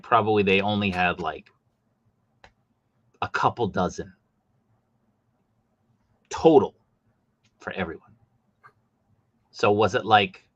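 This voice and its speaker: A man hosting a casual livestream chat about collectible figures, talking animatedly, his voice jumping high when he gets exasperated. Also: pushed and bright, no echo, highs cut off. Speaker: host.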